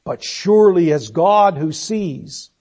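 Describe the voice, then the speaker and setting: A man's voice: high voice, animated, slow, a little mellow. A man preaching a sermon, earnest and searching, posing one rhetorical question after another and letting his voice sink on solemn phrases.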